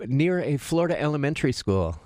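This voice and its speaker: A man's voice: fairly high pitch, very animated, fairly quick, darkish tone, no room sound, clean studio sound. A man hosting a radio morning show, reading odd news stories aloud and cracking jokes between the lines. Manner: jokey, reads stories aloud with wisecracks. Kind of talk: casual radio banter, reading news items.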